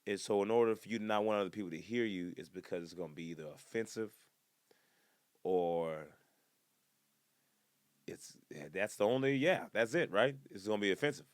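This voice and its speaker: A man hosting a comedy podcast, rambling casually from one topic to the next with joking asides and sudden loud excited outbursts. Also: on the low side, normal speed, pauses often, dry recording, clean studio sound.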